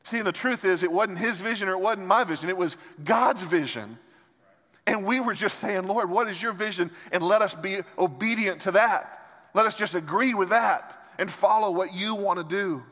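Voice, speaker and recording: Male pastor preaching in a big church, fairly high voice, long hall reverb, passionate delivery swinging soft to loud. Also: moderate pace. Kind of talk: sermon. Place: large church sanctuary.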